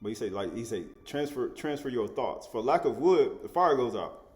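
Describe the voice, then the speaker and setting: A man's voice: medium pitch, animated, normal speed, darkish tone. A man giving an informal spoken Bible study, chuckling often, repeating words and asking the listener "right?" as he goes. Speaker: scripture teacher.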